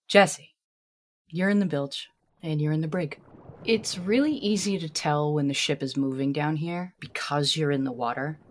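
A woman narrating a tabletop game as game master, describing scenes slowly in the second person. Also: deep voice, slight background noise.

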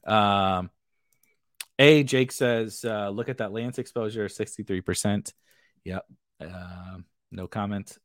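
Man, stream host, casual rambling chat, mid-pitched, dry close sound. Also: fairly bright tone, dry recording. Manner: rambling, self-correcting, chuckles often. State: has the hiccups. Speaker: fantasy football podcast host.

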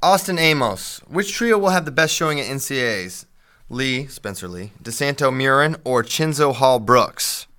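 Bright-sounding guy co-hosting a sports pod, gets animated telling match stories. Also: mid-range voice, normal speed. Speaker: podcast co-host. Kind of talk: casual sports chat.

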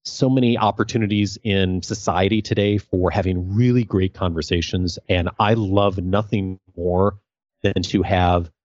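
A man's voice: low voice, fairly even intonation, a little slow, darkish tone, dry recording. A man who coaches leaders, a guest in a podcast interview, speaking earnestly and thoughtfully. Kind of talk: casual interview. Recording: dull, dry sound.

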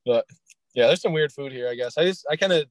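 A man's voice: a little high, fast talker, no room sound. A young man from northern Michigan with a local accent, hosting a casual podcast chat, rambling with lots of fillers and easy laughs. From Michigan, USA. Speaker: podcast host.

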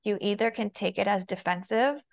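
A gravelly mid-range voice at a moderate pace belongs to a young podcast guest who coaches femininity and body language. She chats casually, peppers in "like," and acts out what she and her partner said.

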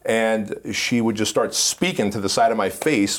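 A man with a very deep voice tells stories in a lively, animated way during a casual interview. He laughs often as he talks. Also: moderate pace, few pauses. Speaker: podcast guest.

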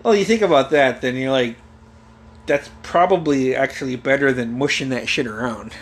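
A man's voice: medium pitch, moderate pace. A man in casual chat, telling family stories with lots of laughter and swearing, acting out relatives' voices. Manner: animated storyteller who acts out family members' voices, swears and laughs often. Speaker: conversation partner.

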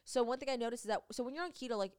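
A young woman co-hosts a casual chat podcast, talking quickly in a smooth, clear voice. She leans on fillers like "like" and "um" and drifts into laughter as she goes. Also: fairly high pitch, darkish tone. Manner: chatty, filler-heavy, breaks into laughter. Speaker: podcast co-host.

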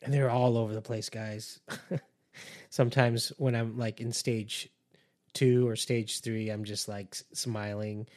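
A man's voice: lowish voice, level tone, a little slow, darkish tone. A man hosting a podcast, talking to listeners in an earnest, conversational way and warning them. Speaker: podcast host and empath coach. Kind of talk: casual podcast monologue.

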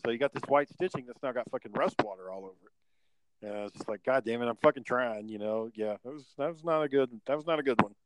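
Young adult man, podcast co-host, quick delivery, cussing constantly, rambling anecdotes. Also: medium pitch, a little hiss or hum, rough recording. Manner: profane, rambling, animated storyteller. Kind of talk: casual storytelling chat.

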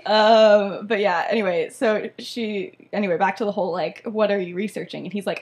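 A woman's voice: medium pitch, steady tone, moderate pace, hardly any pauses. Chatty young woman retelling a story. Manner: chatty, laughing often, heavy use of "like". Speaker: podcast host. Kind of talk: casual chat, retelling a fan story.

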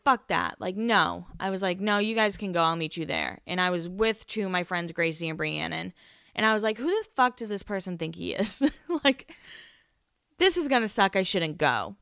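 A woman's voice: medium pitch, sharp tone, clear, resonant tone, no room sound, studio quality. A woman in her twenties, a podcast host, telling a personal story in a candid, casual way, swearing often and laughing at herself. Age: 20s.

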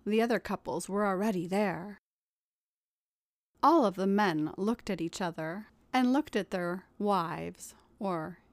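A woman reads a scripted story at an unhurried, slow pace, calm and even, sometimes dropping into a hushed aside. Her voice sits close to the mic in a dry space with no room echo. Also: medium pitch.

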